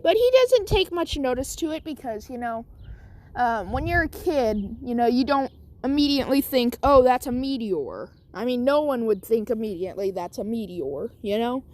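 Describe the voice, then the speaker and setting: A woman's voice: a little high, lively intonation, moderate pace, warm tone. A woman casually telling an improvised story, rambling with lots of asides. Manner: rambling, many fillers and asides.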